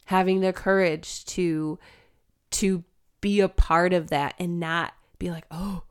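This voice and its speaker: Lower-voiced woman sharing reflections. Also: fairly even intonation, smooth. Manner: searching, restarts, quick laughs. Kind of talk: reflective faith chat.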